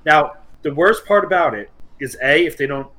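A man co-hosting a podcast in loose, comedic chat, his voice sitting a little high. He rambles, swears freely and builds on absurd ideas. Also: lively intonation, moderate pace, sharp tone, a little hiss or hum, poor audio. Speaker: podcast co-host.

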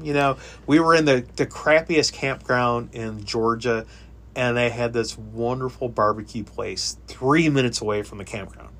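Animated Chicago-born man telling travel stories. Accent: Chicago, softened by Kansas City. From Chicago area. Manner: animated storyteller, restarts and repeats words, jumps up in pitch for emphasis. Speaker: guest traveling by RV. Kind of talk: casual chat.

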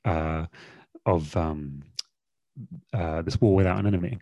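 A man's voice: deep voice, a little slow, mellow, no room sound, muffled recording. A man, a magazine editor, talking casually on a podcast in a rambling, self-deprecating way with lots of fillers.

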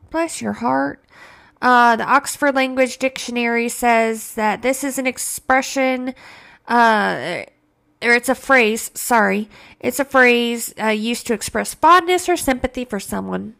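A woman talks on her own podcast in a casual, sarcastic way, cursing freely and stretching out mocking lines. Her voice is gravelly with a lot of fry and sits a bit high. She sounds loose and unscripted. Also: fairly bright tone. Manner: profane, sarcastic, drawn-out mocking quotes. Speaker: podcast host. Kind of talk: casual solo talk.

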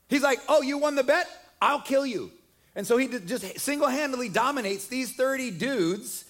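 A preacher with a fairly high male voice tells a story in a loose, chatty sermon. He jokes as he goes and keeps the retelling lively and conversational. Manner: joking, conversational, animated retelling.

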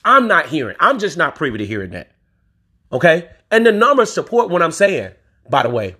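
Husky, profane podcast ranter, a man. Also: fairly high pitch, wildly swooping pitch, fairly quick, bright, forceful tone. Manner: emphatic and profane, swears freely; streetwise slang, addresses listeners directly. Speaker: podcast host. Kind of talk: solo podcast rant.

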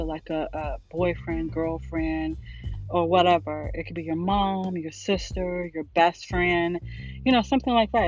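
A middle-aged woman hosting a podcast, talking in a casual, rambling monologue that is emotional and often broken by laughter. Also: sits low. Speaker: podcast host. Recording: dull lo-fi recording, faint music.

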